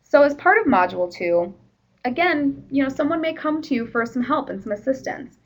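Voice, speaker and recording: A woman's voice: high voice, lively intonation, a little fast, dull audio. A woman presenting a workplace training session in a conversational, explanatory way, with the odd "you know".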